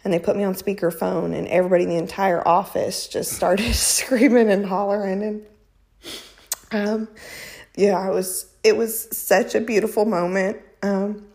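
A woman's voice: mid-range voice, normal speed, creaky. A woman in her thirties casually telling a personal story, acting out what people said. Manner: animated, quotes people in raised voices.

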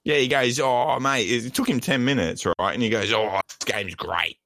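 A man's voice: mid-range voice, moderate pace, a bit bright, no echo, lightly acted. A man voicing a crude, joking Aussie bloke calling in from Tasmania, with a put-on Australian accent that slips, in a comic podcast bit.

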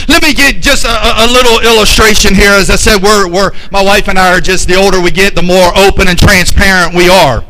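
High-voiced preaching pastor, bright tone. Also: male voice, fairly even intonation, low-quality recording. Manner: preaching with rising emphatic shouts and drawn-out phrases. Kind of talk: sermon.

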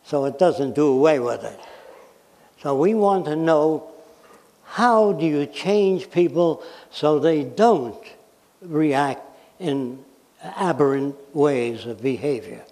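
American man, lecturer, emphatic and blunt, mellow voice, long hall reverb. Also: fairly high pitch, expressive, slow pace. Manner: blunt, emphatic, uses examples and questions. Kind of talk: public lecture.

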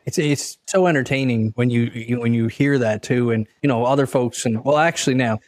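Outgoing newfoundland guy rattling on fast, mid pitch, dry mic. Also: darkish tone, dry recording. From Newfoundland, Canada. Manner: fast-talking, chatty, outgoing. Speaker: podcast guest. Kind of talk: casual chat.

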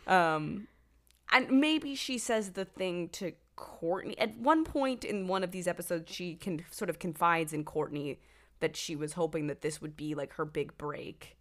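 A woman's voice: sits low, fairly bright tone. A woman co-hosting a podcast, summarizing episodes in casual chat and laughing often. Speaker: podcast co-host.

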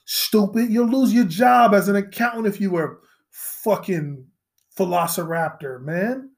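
A man's voice: high voice, a little slow, creaky. Guy ranting solo on his podcast, swears a lot, rambles, keeps repeating himself like he can't believe it. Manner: profane rambling storytelling; mock-incredulous, repeats himself. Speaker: podcast host. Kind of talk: solo comedic rant.

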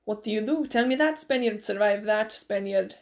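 Lady doing a gruff scottish sword teacher, scoffing, testing you, gravelly. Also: medium pitch, moderate pace, lightly acted. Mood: challenging. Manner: scoffing, challenging. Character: gruff old Scottish sword master, man.

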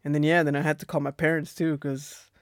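A young man with a Texan accent telling a personal story on his podcast in a relaxed, rambling way, laughing often. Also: fairly high pitch, fairly quick, clear, resonant tone, dry recording, clean studio sound. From Texas. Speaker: podcast host. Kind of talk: casual storytelling monologue. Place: Australia.

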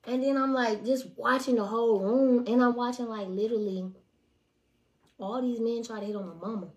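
A woman in her twenties telling stories on a casual livestream, blunt and profane. She swings between hushed asides and loud, animated outbursts. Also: on the high side, normal speed, highs cut off. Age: 20s. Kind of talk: casual storytelling to a live audience.

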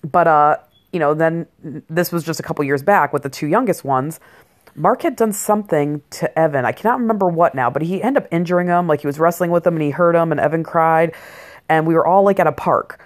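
A woman in her forties with a notably low voice tells stories about raising her boys. She rambles casually, swears freely and fills her talk with "like" and "you know," sounding blunt and unfiltered. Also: fairly quick. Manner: rambling, blunt and profane with lots of fillers. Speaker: mother of boys. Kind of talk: casual personal monologue.

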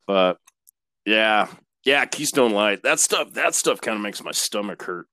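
A man being interviewed as a guest on a podcast, reminiscing in a relaxed way and swearing casually. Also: on the low side, no echo. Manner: laid-back, drawn-out, swears casually. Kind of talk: casual chat.

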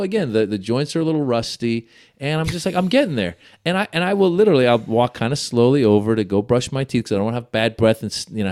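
Chatty man telling animated stories. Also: medium pitch. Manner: animated storyteller, acts out quoted voices. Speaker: podcast guest, comedian. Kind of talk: casual chat.

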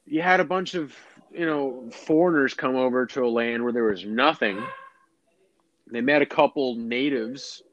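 A man's voice: medium pitch, moderate pace, no echo, lo-fi sound. Chatty rambling American man. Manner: rambling, animated, lots of fillers and restarts. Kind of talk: casual chat.

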